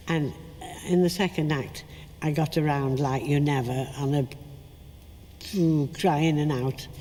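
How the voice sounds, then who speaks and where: An older actress telling lively stories about her career in an interview, acting out what people said. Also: sits low, in a large hall. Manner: chatty anecdotal, acts out quotes. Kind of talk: storytelling interview.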